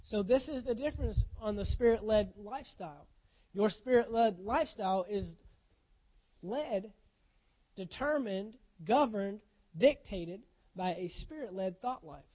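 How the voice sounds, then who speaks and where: A pastor delivering a sermon with a middle-pitched voice, mixing folksy talk with fervent, punchy emphasis. The voice swings between loud declarations and hushed asides and keeps asking the crowd rhetorical questions. The recording sounds a bit dull and lo-fi. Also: animated, unhurried. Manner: casual folksy phrasing.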